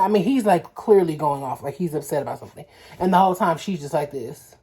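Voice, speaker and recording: A young woman from Los Angeles tells stories to her vlog camera in a casual, slang-heavy, animated way. Her voice sits a little low, with a mellow, slightly husky tone. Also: fairly quick. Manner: animated, slangy storytelling with acted-out quotes. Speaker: vlogger.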